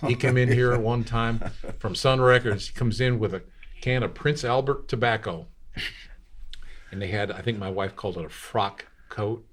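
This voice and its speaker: A man in his sixties, a radio host, spins long, wandering anecdotes in casual storytelling, acting out the quotes as he goes. His voice is mid-range and his pace moderate.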